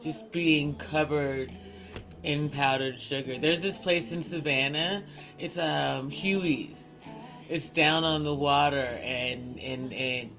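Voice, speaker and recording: A woman with a bass voice hosts a casual livestream, chatting in an animated, teasing way. She laughs often and restarts her sentences a lot, and the audio quality is poor.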